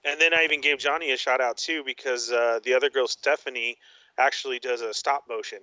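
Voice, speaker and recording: A man co-hosting a casual podcast, telling lively stories and laughing often. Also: medium pitch, fairly quick, no room sound. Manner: animated, laughing storyteller. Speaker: podcast co-host. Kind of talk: casual chat about toy collecting. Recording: dull lo-fi sound.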